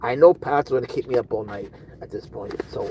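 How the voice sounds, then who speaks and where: A man's voice: medium pitch, brisk, background noise. A man streaming live, casually chatting with viewers and answering their comments in a rambling, curious way.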